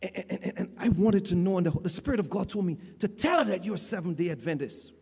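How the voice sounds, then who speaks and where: A man preaching a storytelling sermon, animated, stammering and repeating his words. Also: sits high, quick pace, creaky, breathy edge. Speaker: lay preacher and church teacher. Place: church hall. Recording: long church hall reverb.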